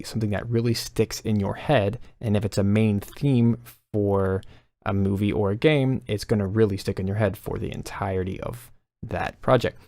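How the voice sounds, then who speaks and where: Male composition teacher, lower register, clear instructional delivery, dry recording. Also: no room sound. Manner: steady explanatory, counts beats aloud. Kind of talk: instructional explanation.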